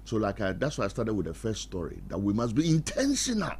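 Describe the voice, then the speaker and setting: Marriage advice pours out fast from a middle-aged man with a lowish voice, delivered like a preacher on talk radio. He's animated, mimics quarrels with put-on voices, and laughs at his own jokes. There's faint background noise.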